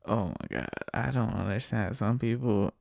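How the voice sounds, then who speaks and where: A man's voice: lowish voice, very animated, normal speed, vocal fry, a little mellow, dry recording, clean studio sound. A man, a rideshare driver, casually telling a story, rambling, swearing freely and laughing often. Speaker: rideshare driver and podcast host.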